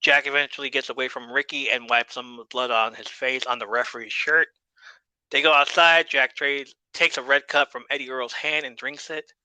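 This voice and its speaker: Male podcast host, laid-back recap style, bright sharp tone, dry close sound. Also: mid-range voice, steady tone, normal speed, no echo, rough recording. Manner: laid-back, swears casually, laughs often. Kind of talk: casual episode recap.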